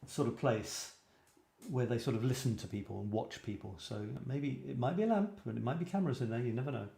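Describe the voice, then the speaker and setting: A man's voice: medium pitch, expressive, fairly quick, vocal fry, mellow. A British man hosting a casual photography show, rambling with self-deprecating asides. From Britain. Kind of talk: casual livestream chat. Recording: echoey room.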